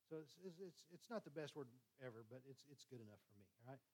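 Fast-talking preacher man. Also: mid-range voice, lively intonation, darkish tone, poor audio. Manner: conversational, repeats "all right?"; fast-talking, frequent restarts. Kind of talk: sermon.

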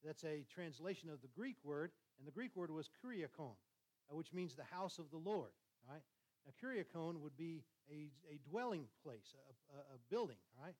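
A man preaching a conversational sermon, talking quickly with frequent restarts and checking in with "all right?". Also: fairly high pitch, animated, darkish tone, poor audio.

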